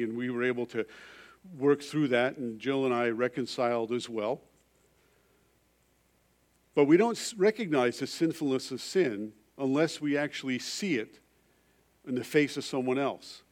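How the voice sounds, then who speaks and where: This middle-aged man is a pastor delivering a sermon built around a personal story, where booming emphasis gives way to a soft, confessional voice. His pitch is medium and his speed is normal.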